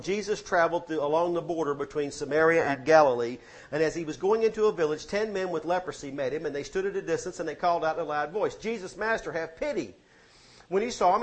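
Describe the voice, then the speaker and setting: A man preaching a sermon, exhorting the congregation and rising to loud peaks. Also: a little high. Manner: exhorting, swings to shouting peaks.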